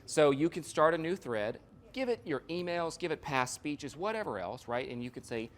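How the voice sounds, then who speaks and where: A man's voice: a little high, sing-song, normal speed, hardly any pauses, slight background noise. Man presenting a live workshop. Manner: explains with analogies, frequent "right?" and "you know". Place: workshop room.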